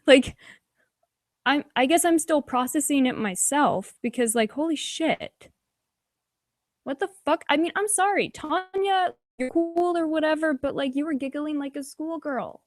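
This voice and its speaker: A woman streams casual commentary into a desk mic, her voice sitting a little high. She talks slowly and rambles, swearing freely and sighing between thoughts. The sound is dry, with no room echo. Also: animated. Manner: profane, rambling, many "like"s and sighs. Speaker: YouTube livestream commentator reading chat. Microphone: desk microphone.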